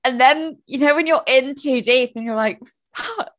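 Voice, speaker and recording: A woman's voice: high-pitched, moderate pace. A woman co-hosting a book podcast, telling stories in casual chat with laughs and restarts. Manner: chatty, animated storytelling with laughs and restarts. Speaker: podcast co-host.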